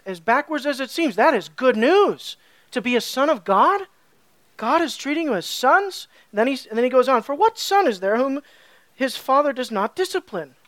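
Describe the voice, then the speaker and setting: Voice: mid-range voice, no echo. Emphatic pastor preaching a sermon. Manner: emphatic, rhetorical questions.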